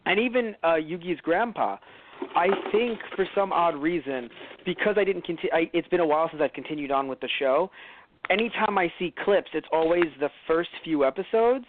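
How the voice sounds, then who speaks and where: A man's voice: a little high, phone-quality sound, slight background noise. An American man co-hosting a podcast in casual chat, rambling with lots of fillers and restarts. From United States. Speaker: podcast co-host.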